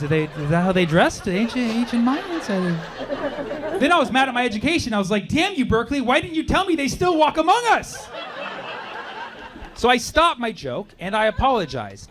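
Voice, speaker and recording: A man doing a stand-up comedy set on a club stage, riffing with the audience and punching up his lines. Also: high-pitched. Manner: conversational, riffing with the crowd, loud punchlines. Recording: live club recording with crowd noise and laughter.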